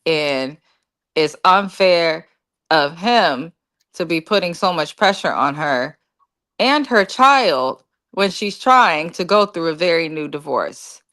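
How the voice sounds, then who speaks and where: A woman co-hosting a reality TV recap, giving measured, matter-of-fact opinions. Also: lowish voice, lively intonation, a bit bright. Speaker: recap co-host. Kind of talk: casual recap commentary.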